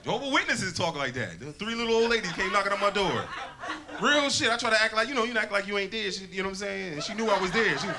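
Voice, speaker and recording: A man's voice: high voice, lively intonation, quick pace. A man from Connecticut doing a stand-up set, telling stories in loose, profane slang. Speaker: stand-up comedian. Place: comedy club stage. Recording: live club crowd with laughter.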